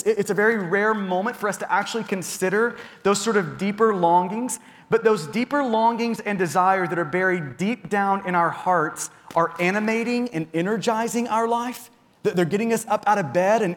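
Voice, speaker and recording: Earnest pastor, high voice in a hall. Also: male voice, a bit bright. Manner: earnest, repeats words when starting phrases. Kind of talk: sermon. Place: church sanctuary. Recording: long hall reverb.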